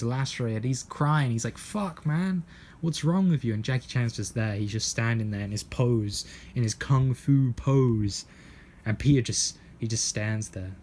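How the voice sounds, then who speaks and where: A young British man talks aimlessly in a garden, jumping from topic to topic with plenty of swearing and jokes. His voice sits at an ordinary middle pitch. Faint crickets chirp in the background. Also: darkish tone, a little hiss or hum. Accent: British English. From Britain. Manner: meandering, jokey, swears a lot, acts out silly voices. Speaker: vlogger. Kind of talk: rambling casual monologue. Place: outdoors in a garden.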